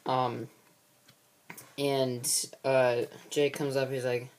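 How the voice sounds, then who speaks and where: A man's voice: mid-range voice, flat delivery, extremely slow. A man casually recapping the plot of his own film series, rambling with many fillers and restarts.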